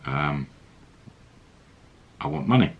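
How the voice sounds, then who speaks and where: Brief: an insistent young bar girl in short broken phrases, quoted by a man with a husky low voice. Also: expressive, slow, dull audio, exaggerated voice.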